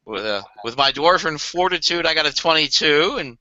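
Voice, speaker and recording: A man's voice: a little high, animated, moderate pace, pushed and bright, no room sound. A man playing a character at a tabletop game, wry and playful. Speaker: player. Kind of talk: in-character tabletop role-play. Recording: dry, dull lo-fi recording.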